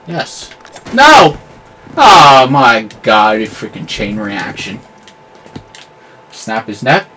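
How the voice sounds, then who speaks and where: A man giving live commentary over his own gameplay, excitable and yelling at the game, with clean substitute swears. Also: medium pitch, very slow, pauses often, a little hiss or hum. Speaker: gamer.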